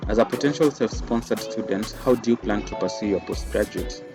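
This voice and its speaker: A man's voice: on the low side, a little fast, music in the background. A man hosting an interview, asking short, teasing questions. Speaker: interviewer, host.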